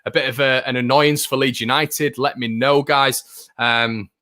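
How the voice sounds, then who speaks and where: A young man hosting a fan channel from his room, chatting casually and upbeat about football and reading out viewer comments, with many fillers and excited bursts. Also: medium pitch, unhurried. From England.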